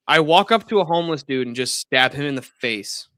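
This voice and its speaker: A man's voice: a little high, fast, hardly any pauses, bright, forceful tone, no room sound, studio quality. A young man in a heated casual debate, brash and swearing, rambling with restarts.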